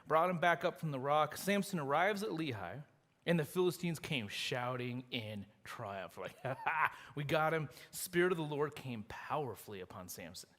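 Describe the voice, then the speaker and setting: Animated male pastor in a reverberant hall. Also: fairly high pitch, moderate pace. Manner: animated storytelling with acted quotes and laughs. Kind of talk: sermon. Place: church sanctuary. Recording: long reverb of a church hall.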